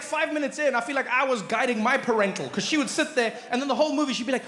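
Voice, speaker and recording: Male stand-up comic, lively storytelling, fairly high voice, long hall reverb, faint room noise. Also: quick pace. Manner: animated storytelling, jumps into character voices. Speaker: stand-up comedian. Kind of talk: stand-up comedy.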